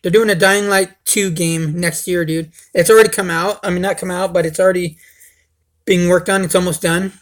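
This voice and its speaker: Fairly quick and fairly even in intonation, a young man's high voice carries his casual livestream. As host he rambles on profanely, tossing out "dude" constantly.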